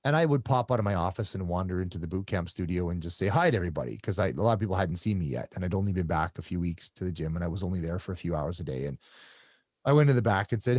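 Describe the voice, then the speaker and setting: A middle-aged man telling stories in a casual interview, halting and often repeating his words as he restarts sentences. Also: low voice, expressive, darkish tone, no room sound, studio quality. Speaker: guest.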